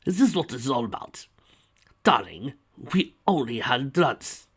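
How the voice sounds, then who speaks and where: A polished, courteous stallion husband, voiced by a man in a read-aloud fan story. He pleads with well-mannered calm, his pitch moving freely. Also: a little slow, husky, heavily acted. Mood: pleading.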